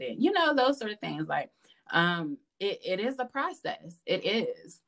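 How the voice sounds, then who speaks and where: A woman, a podcast guest, chatting casually and telling lively stories with lots of laughter. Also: medium pitch, measured pace. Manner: animated, laughing, calls listener "girl". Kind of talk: casual storytelling chat.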